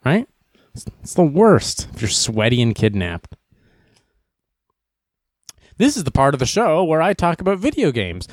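A young man hosting a comedy news show, joking and rambling through stories with quick asides. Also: fairly high pitch, wildly swooping pitch, no echo, studio quality. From Boston area. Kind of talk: casual comedic news commentary.

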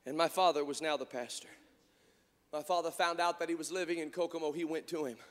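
Shouting preacher in an echoey church. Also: male voice, fairly high pitch, steady tone, quick pace. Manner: swings from quiet storytelling to shouted preaching. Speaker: pastor. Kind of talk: sermon.

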